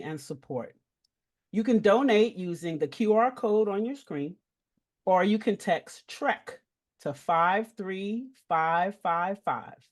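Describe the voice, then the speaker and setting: A woman's voice: on the low side, darkish tone. A woman co-host making an upbeat fundraising appeal on a livestream and reading out donation details.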